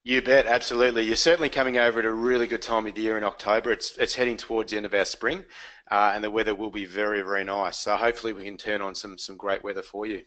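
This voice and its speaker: A man's voice: lowish voice, flat delivery, fast talker, a bit bright. A man with an Australian accent, speaking as a company guest on a webinar in a friendly, upbeat way.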